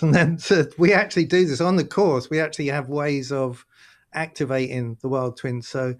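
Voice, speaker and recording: A man, a guest in a casual interview, talking in an animated storytelling way and laughing often. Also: fairly high pitch, a little fast. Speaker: guest, workshop leader.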